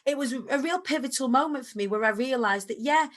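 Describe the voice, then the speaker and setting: A woman in her thirties with a Lancashire accent, a podcast guest telling her story in animated conversation. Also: sits high, a little fast. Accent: Lancashire English. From England. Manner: animated storytelling, rising sharply when excited. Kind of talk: conversational interview.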